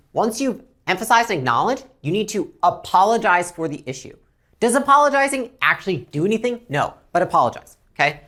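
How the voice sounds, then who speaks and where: A woman with a medium-pitched, slightly bright voice coaches businesses on handling customers in a talk delivered to camera. She's blunt and emphatic and performs brief dialogues between customers and staff.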